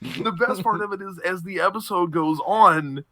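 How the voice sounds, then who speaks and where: A man's voice: sits high, moderate pace, a crowd in the background. A young man on a podcast, animatedly retelling TV episodes and laughing often mid-sentence. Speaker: podcast co-host. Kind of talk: casual chat, recapping TV episodes.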